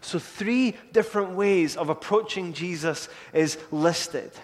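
A man preaching a sermon, earnest, building to urgent pleading and then falling soft and low. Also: takes it slowly. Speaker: pastor. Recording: long hall reverb.

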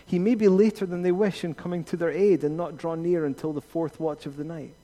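A man preaching a sermon as pastor, rising to emphatic peaks and then dropping to quiet reassurance. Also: a little high, steady tone, a little fast.

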